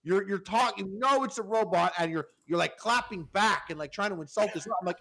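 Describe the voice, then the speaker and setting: Casting note: man, slightly higher voice, lively storyteller acting out quotes, casual podcast. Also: fairly quick, gravelly. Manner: animated anecdote-telling, acts out quotes. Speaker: podcast guest.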